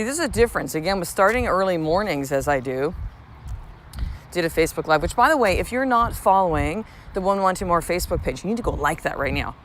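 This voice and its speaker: A woman's voice: fairly low pitch, slight background noise. A woman in her thirties hosting a solo podcast in a casual monologue, blunt and profane, telling stories with lots of animation. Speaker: podcast host.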